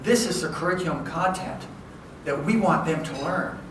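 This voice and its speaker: Speaking at a moderate pace in a voice on the high side, a male education professor gives a lively, conversational talk to educators, often checking in with the audience by asking "okay?" and "right?". He's in a large hall with an audience, recorded from a distance with echo and faint noise.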